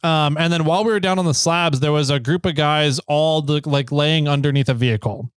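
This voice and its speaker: A man's voice: a little high, a little fast, clean tone, no echo, clean studio sound. A man hosting a podcast, telling stories in a rambling, casual way with many fillers and easy laughs. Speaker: podcast host.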